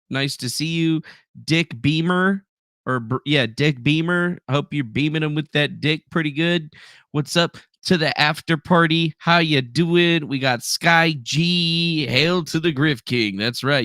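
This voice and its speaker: A man hosts a live stream, rambling loosely, swearing and greeting chatters by name. His voice sits a little high for a man and is recorded close and dry, with no room sound around it. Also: pushed and bright, dry recording. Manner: rambling, swearing, reading out chat names. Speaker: livestream host. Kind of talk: casual live-stream chat.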